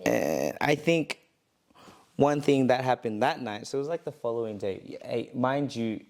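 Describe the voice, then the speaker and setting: A man's voice: medium pitch, lively intonation, moderate pace, a little mellow. A man telling the story of his fight camp in a casual podcast chat, acting out quotes from the people around him. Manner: retells with acted quotes and laughs.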